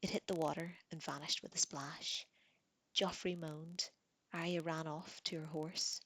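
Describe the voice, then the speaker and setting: Seorang perempuan membacakan novel dengan suara lembut dan pelan. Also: female voice, sits low, level tone, normal speed, fairly bright tone, no room sound. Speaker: reader. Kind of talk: reading a novel aloud.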